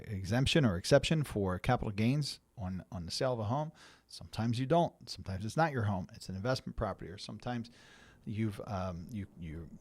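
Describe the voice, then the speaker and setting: A middle-aged man talks viewers through year-end money matters in an easy, conversational way, often restarting his sentences and filling pauses. His voice sits at an ordinary pitch, and the recording is dry and close, with no room sound around it. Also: darkish tone, no room sound. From United States. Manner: conversational, many restarts and fillers. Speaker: financial planner hosting a show. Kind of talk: explanatory talk to viewers.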